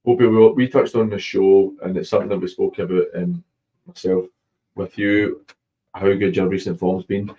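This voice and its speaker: Scottish man, football show host, deep voice, chatty, lo-fi audio. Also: flat delivery, mellow. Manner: chatty, banter-driven, quick asides. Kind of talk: casual sports chat. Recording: muffled lo-fi stream audio.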